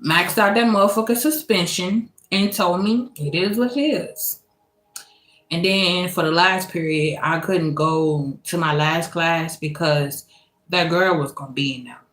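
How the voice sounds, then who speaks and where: A woman from Louisiana, telling a personal story in a casual, animated and profane way, laughing often. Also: on the low side, measured pace. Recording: echoey room.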